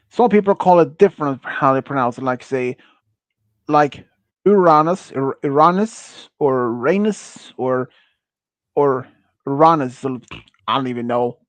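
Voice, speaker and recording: A man's voice: medium pitch, no echo. A man hosting a casual quiz on a stream, reading out questions and answers with many fillers, restarts and awkward phrasing. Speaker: quiz host.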